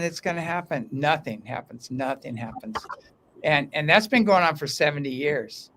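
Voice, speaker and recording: Male interview guest, higher-pitched, chatty and animated, restarts sentences often. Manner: animated, talkative storyteller with many restarts. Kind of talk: casual interview talk. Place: underground room.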